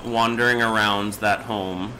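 A podcast co-host in casual, animated banter about pop culture. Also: medium pitch, a little slow, background noise. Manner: animated, jumps between jokes and pop culture talk.

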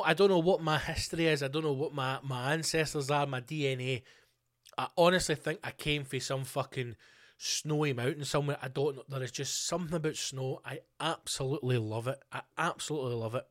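A Scottish man hosting a solo podcast, chatting casually in a sweary, animated and ranting way. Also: on the high side, a little fast, no room sound, studio quality. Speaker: podcast host. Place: home podcast studio.

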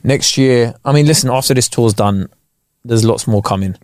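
A man's voice: medium pitch, moderate pace, darkish tone, no room sound, clean studio sound. A man, a comedian co-hosting a podcast, telling stories casually with swearing. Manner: swearing, laid-back storytelling. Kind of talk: casual chat.

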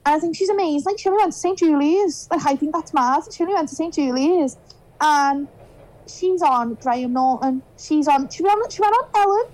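A young woman from Liverpool with a Scouse accent, chatting on a podcast as a guest and telling lively stories where she acts out what people said. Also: high-pitched, a little fast, rough recording. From Liverpool, England. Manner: animated storyteller, acts out quotes. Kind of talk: casual chat.

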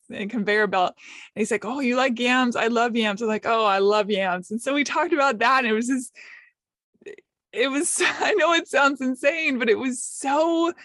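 Her voice sits a little high and sounds fairly bright in a clean studio recording without echo. An American podcaster on as a guest, she shares a moving personal story in conversation, openly emotional and self-deprecating, voicing others' words lightly.

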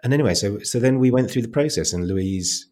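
A man telling a personal story of loss in a podcast interview, reflective and quiet, often halting as he recalls hard moments. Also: medium pitch, expressive. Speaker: guest.

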